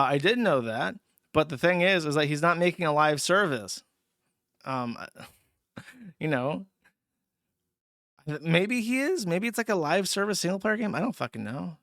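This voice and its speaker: A man's voice: a little high, a bit bright, no room sound, clean studio sound. A man casually chatting on a livestream, reading out donations with crude, sarcastic remarks.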